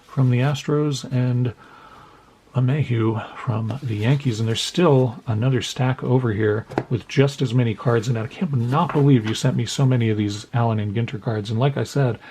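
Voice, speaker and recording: A man's voice: mid-range voice, fairly even intonation, moderate pace, darkish tone, a little hiss or hum. A man casually opening a mail-day package of trading cards, reading off player names one by one and making playful asides to the cards. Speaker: card collecting YouTuber.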